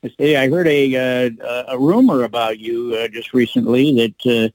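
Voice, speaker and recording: A middle-aged man, a guest on a radio show, talking haltingly with many fillers and small jokes. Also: mid-range voice, a little mellow, no echo, poor audio. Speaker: political club representative, radio guest. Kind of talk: casual radio interview.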